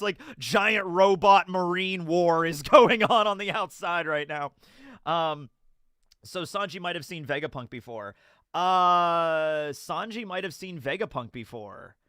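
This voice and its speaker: Excitable man reviewing a manga chapter. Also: smooth, no echo, studio quality. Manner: rambling, excitable, laughs and swears, bursts into loud high outbursts. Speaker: anime and manga reaction host.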